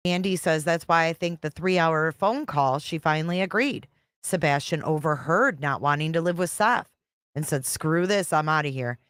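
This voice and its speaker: A woman's voice: low-pitched, normal speed, fairly bright tone, smooth, dry recording, studio quality. A woman hosting a live stream, chatting casually and reading out viewer comments as she reacts to a clip. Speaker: livestream host reacting to a clip.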